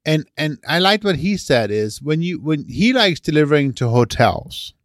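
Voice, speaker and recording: A man's voice: fairly high pitch, big pitch swings, normal speed, no room sound, clean studio sound. A man co-hosting a podcast, reasoning aloud and often checking for agreement. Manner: questioning, seeks agreement with "right?". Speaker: podcast co-host. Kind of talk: casual chat.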